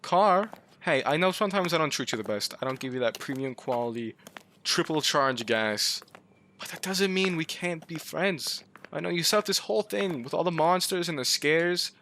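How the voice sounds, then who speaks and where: A gaming YouTuber gives comic let's-play commentary, pleading with his car, joking, yelping and swearing. His voice is fairly high, expressive and fairly bright, at normal speed, with a little hiss or hum on the recording.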